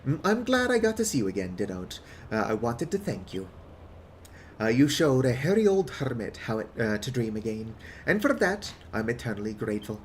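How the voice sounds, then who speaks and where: A man voicing a hairy old male hermit builder as he reads game dialogue aloud, with soft "mm" and "uh" fillers. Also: mid-range voice, big pitch swings, brisk, a little hiss or hum, close to an everyday voice. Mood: grateful. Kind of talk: reading game text aloud.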